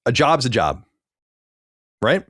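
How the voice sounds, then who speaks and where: A man's voice: mid-range voice, very animated, slow pace, a bit bright, breathy edge, no echo, studio quality. A man co-hosting a video game podcast, talking in emphatic repeated lists. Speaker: podcast co-host. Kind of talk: casual chat.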